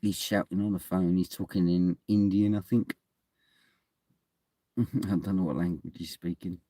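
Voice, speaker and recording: A man's voice: deep voice, fairly even intonation, moderate pace, warm tone, dry recording, studio quality. A man chatting casually to his phone camera from inside a parked car at night, in a wry, mumbling way. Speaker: vlogger.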